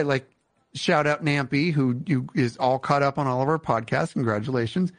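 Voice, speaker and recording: A man's voice: medium pitch, moderate pace, no room sound. Playful joking podcast host, man. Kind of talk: casual comedic podcast chat.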